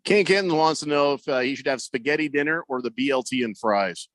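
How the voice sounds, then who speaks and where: A man's voice: mid-range voice, fairly quick, fairly bright tone, dry recording. A man hosting a sports radio show, rambling and joking, acting out quotes in mock voices. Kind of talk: casual sports talk.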